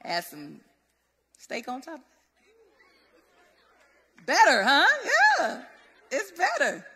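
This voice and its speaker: Lively bright woman preacher. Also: high voice, extremely slow. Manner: lively, conversational, relatable. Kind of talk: sermon. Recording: long hall reverb.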